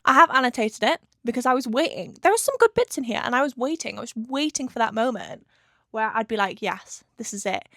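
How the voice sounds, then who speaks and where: A woman's voice: a little high, expressive, brisk, pushed and bright, no room sound, clean studio sound. A woman in her twenties chatting casually about a book in a reading vlog, with lots of filler words. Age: 20s. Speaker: book vlogger.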